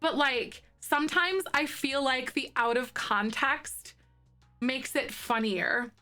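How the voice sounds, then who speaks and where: A woman's voice: high-pitched, takes it slowly, bright, forceful tone, faint music behind. A woman in her thirties chatting casually with viewers on a live stream, giggly and talkative and laughing often. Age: 30s.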